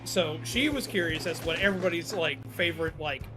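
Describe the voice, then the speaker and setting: High-voiced Southern man telling stories. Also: fairly quick. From Alabama, US South. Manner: rambling storyteller. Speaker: streamer. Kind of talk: casual chat while gaming. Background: game music.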